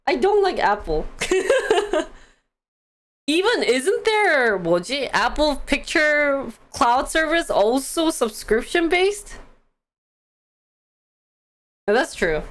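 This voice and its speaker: A woman's voice: sits high, very animated, measured pace. A young woman hosting a live stream, chatting casually and giggling as she reads stock news and answers the chat.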